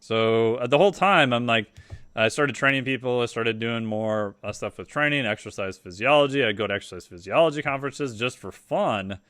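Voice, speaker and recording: A middle-aged man telling a story on a podcast as the guest, casual and animated, acting out the voices of people he quotes. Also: mid-range voice, brisk, no room sound, clean studio sound.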